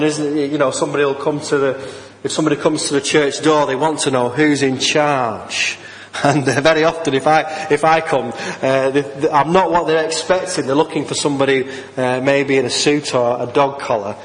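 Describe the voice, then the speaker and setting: A male Baptist minister gives a sermon in a church, pausing often on fillers and restarting his sentences. His voice sits a little high for a man. The sound rings with the long reverb of the hall. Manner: hesitant with many fillers.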